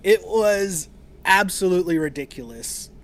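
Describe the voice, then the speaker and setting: Laughing frequently, a man in his thirties co-hosts a casual podcast chat about a reality show and rambles through a theory. He speaks at a measured pace in a high, expressive voice.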